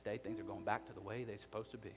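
A male pastor preaching to a live congregation, swinging between hushed, almost whispered passages and loud, emphatic ones. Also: on the low side, steady tone, rapid-fire. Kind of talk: sermon. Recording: long hall reverb with faint music behind.

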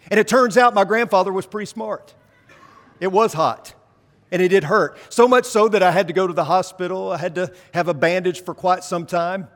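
Guy preaching in a big echoey hall, kinda high voice, chatty, keeps asking questions. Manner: conversational preaching with rhetorical questions. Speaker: pastor. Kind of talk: sermon.

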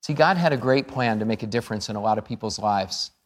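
A male pastor preaching a sermon, telling stories with quoted dialogue and moving between loud, high bursts and hushed, low phrases. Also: quick pace.

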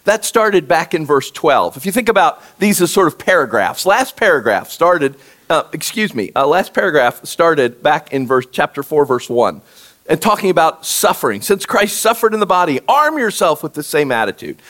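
A man preaching a conversational sermon, reading scripture aloud and talking directly to his congregation in an animated way. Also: a little high, moderate pace. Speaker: pastor.

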